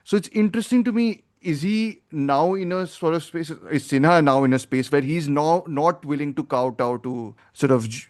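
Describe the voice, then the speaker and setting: A man's voice: fairly high pitch, normal speed, few pauses. A man hosting a film podcast, talking in a rambling, opinionated way as he thinks aloud. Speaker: podcast host. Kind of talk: casual film review chat.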